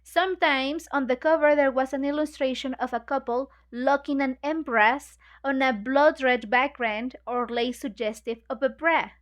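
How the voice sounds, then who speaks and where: A woman's voice: high-pitched, steady tone, moderate pace, few pauses. A woman whose first language is Spanish, explaining a novel to English learners in a chatty way, with many fillers, and acting out the characters' lines. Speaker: book club teacher.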